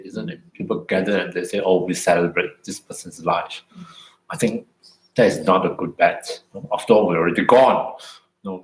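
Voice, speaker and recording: A man with a fairly low voice gives a calm, reflective dharma talk and eases into a guided meditation. He speaks unhurriedly and often checks in with "isn't it?" or "no?". His voice carries a roomy echo. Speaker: meditation teacher.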